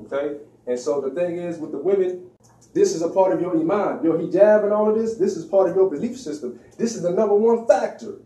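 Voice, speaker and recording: Preachy, slangy man lecturing, mellow tone, a bit high, recorded off-mic. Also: a little fast. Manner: preachy, slangy, acts out quoted voices. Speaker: religious speaker. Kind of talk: informal religious lecture. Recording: echoey room, distant mic.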